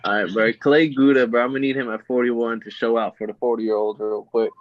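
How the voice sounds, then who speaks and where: A man's voice: mid-range voice, fairly even intonation, brisk. A man co-hosting a casual fight-watching chat, laid-back and calling his friends "bro". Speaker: podcast co-host. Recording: dull lo-fi mic with faint background noise.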